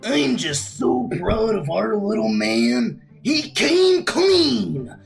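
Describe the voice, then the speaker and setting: Slow, gravelly teasing gamer. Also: medium pitch, sing-song, soft background music. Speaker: tabletop game player. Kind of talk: casual in-character play.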